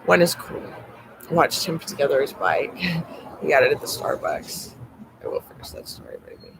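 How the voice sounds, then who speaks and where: Man, slightly high voice, rambling outdoor phone livestream, swears, slips into whispers, clear street noise. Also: big pitch swings, normal speed. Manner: rambling, swearing, often drops to a mumbled whisper. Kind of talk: casual live stream monologue. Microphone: phone camera.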